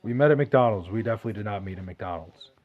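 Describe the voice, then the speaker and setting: A man's voice: on the low side, quick pace, phone-quality sound. Profane rambling New guy. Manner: rambling, profane, restarts a lot. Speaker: podcast host reading live chat. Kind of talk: casual chat.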